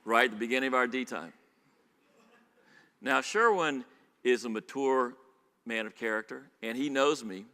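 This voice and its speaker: A man preaching a sermon in a church, animated, shifting between loud emphasis and quiet asides and putting questions to the congregation. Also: medium pitch, moderate pace, long pauses. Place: church sanctuary. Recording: live church sermon with long hall reverb.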